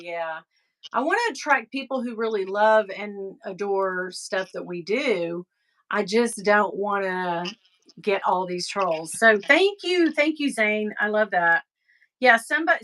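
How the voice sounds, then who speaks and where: A woman's voice: medium pitch, fairly bright tone. A woman hosting a live stream, chatting effusively and thanking her viewers. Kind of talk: casual live-stream chat.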